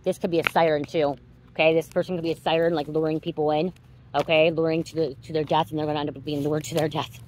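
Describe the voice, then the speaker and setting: A woman's voice: deep voice, little pitch movement, quick pace, darkish tone, a little hiss or hum, rough recording. A woman giving a psychic reading straight to her viewers, emphatic and repetitive, swearing freely and getting worked up as she goes. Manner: gets worked up and heated. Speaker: psychic card reader.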